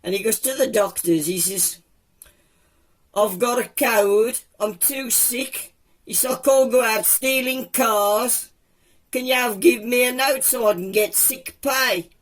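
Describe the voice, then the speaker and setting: A woman's voice: a little high, a little slow. A woman voicing a grumbling male womble creature with a Black Country accent, talking in a drawling, moaning comic monologue.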